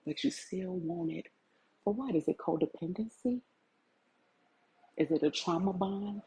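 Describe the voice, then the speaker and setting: A woman in her forties talks straight to her livestream viewers in an impassioned, preachy way, crying as she goes. Her voice is dark and very husky, with a lowish pitch. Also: lively intonation, unhurried, low-quality recording. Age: 40s. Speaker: vlogger. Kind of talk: emotional livestream talk.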